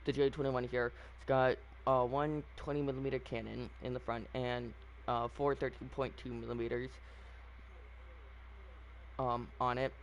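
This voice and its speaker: A man's voice: medium pitch, little pitch movement, normal speed, slight background noise. A man giving casual, opinionated commentary on a video game, rambling with frequent fillers and restarts. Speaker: gaming channel host.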